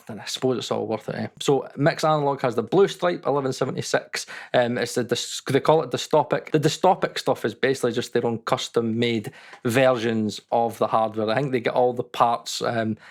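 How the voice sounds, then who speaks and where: A man hosting a mixing video, talking casually and candidly, with frequent ums and some swearing. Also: mid-range voice. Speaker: audio mixing youtuber. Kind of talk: casual talk to camera.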